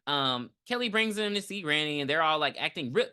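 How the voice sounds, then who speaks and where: Lively, bright-voiced woman podcast host. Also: low voice, fairly quick, smooth. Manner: animated, acts out characters' lines, swears freely. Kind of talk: casual movie-review chat. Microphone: podcast mic.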